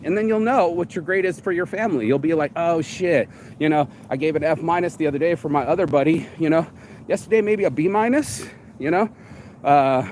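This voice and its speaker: A man with a somewhat high voice rambles through a casual motivational livestream chat. He talks in a loose, streetwise way, swearing freely and dropping "bro" often. A faint hum of room ambience sits behind him. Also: lively intonation, fast, darkish tone. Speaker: vlogger.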